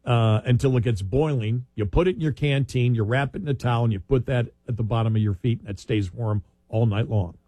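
A man of middle pitch spins loose, wandering anecdotes in casual conversation, often breaking into laughter. His voice sits close and dry, with almost no room sound around it. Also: fairly quick, few pauses, warm tone, no echo. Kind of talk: casual chat.

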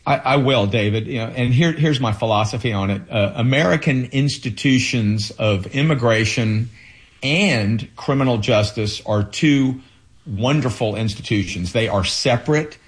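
A man running for office, answering interview questions in an earnest, halting way with frequent fillers. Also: mid-range voice. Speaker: political candidate.

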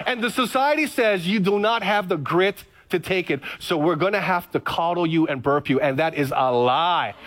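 A man, a pastor preaching an energetic sermon full of personal stories. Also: sits high, some chatter behind. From Hawaii. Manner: energetic, storytelling with dramatic pauses.

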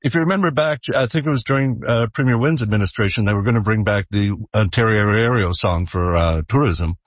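A man on a political panel, animated and anecdotal, with laughing asides. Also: on the low side, a little fast, no room sound. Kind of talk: casual panel chat. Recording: dull, dry studio sound.

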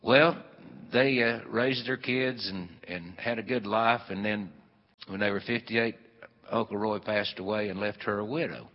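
A man's voice: lowish voice, fairly even intonation, measured pace. An older man, telling a rambling, folksy family story with many fillers. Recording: long hall reverb, dull lo-fi sound.

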